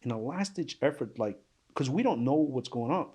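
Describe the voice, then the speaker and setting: Middle-aged man, blunt and plain-spoken, emphatic storyteller, interview guest, ordinary pitch. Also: expressive, moderate pace, mellow, breathy edge. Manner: vivid, emphatic retelling that acts out quoted speech. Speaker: guest, retired police officer. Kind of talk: emotional first-person storytelling in an interview.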